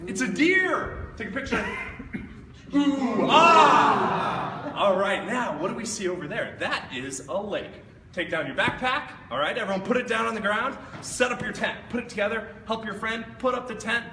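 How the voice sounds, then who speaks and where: Animated man leading kids in make-believe. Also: high-pitched, normal speed. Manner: animated, leads a pretend hike. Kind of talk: recruiting talk to children. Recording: echoey hall with long reverb, distant mic, noise.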